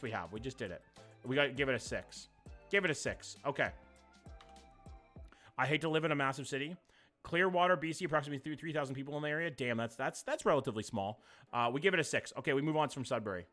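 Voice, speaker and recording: A young man, doing live-stream commentary, reacting to chat in a jokey, profane, animated way. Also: fairly high pitch.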